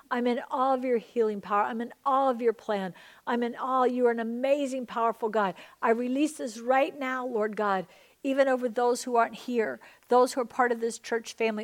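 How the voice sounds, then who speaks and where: A woman pastor in middle age, praying over a congregation with earnest fervor. Her voice sits a little high for a woman. Her delivery is heartfelt and devoted. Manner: earnest, fervent prayer. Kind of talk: sermon prayer ministry.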